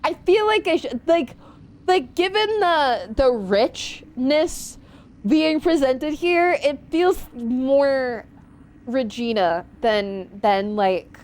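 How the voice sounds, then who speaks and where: A young adult woman streaming a video game, chatting casually and reacting out loud to the game and her chat. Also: sits high, expressive, takes it slowly. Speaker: VTuber streamer.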